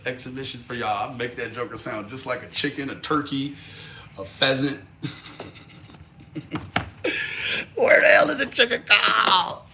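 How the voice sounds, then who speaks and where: A man chatting casually with viewers on a livestream, animated and joking, swearing and laughing often. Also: mid-range voice, slight background noise. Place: outdoors in a backyard.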